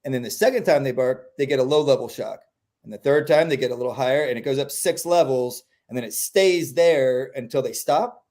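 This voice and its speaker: A man who trains dogs, talking through training tips in a relaxed, animated way and acting out the quotes he gives. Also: medium pitch, fairly quick. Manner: animated, acts out quotes in voices. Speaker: dog trainer. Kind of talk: casual explanatory chat.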